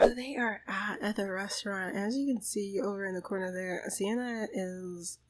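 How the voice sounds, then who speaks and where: A woman's voice: mid-range voice, normal speed, few pauses. Chatty woman narrating a life-sim game. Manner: chatty, lots of "like" fillers. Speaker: gaming channel host. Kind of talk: casual let's play narration.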